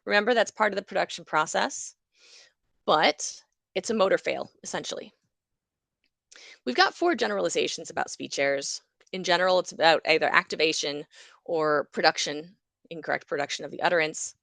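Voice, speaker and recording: A woman giving a university lecture on psychology, her voice carrying a gravelly, creaky texture. She explains in a lively way and acts out small examples as she goes. The sound is close and dry, with no room around it. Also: lowish voice, brisk, no room sound. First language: English.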